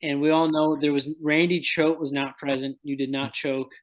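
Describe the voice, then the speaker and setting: Joking, supportive man, slightly high voice. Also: little pitch movement, moderate pace. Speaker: podcast co-host. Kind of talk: casual chat.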